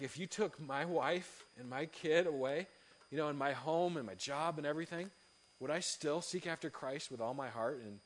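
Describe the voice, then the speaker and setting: A young man, a youth pastor, telling a story in an earnest, conversational sermon with many fillers and restarts. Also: mid-range voice. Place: church hall.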